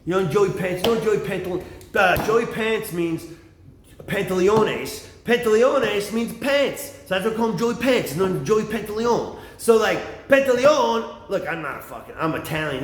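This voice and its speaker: A middle-aged man rambling in a profane, excitable vlog monologue, jumping from topic to topic. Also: high-pitched, moderate pace, roomy sound. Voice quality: extroverted and excitable. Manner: animated, swearing, jumps between topics. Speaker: vlogger.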